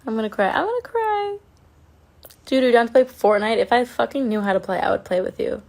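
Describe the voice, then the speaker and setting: A woman's voice: medium pitch, fast, gravelly, darkish tone. A woman chatting casually on a phone livestream, reading and answering fan comments in an affectionate way and swearing now and then.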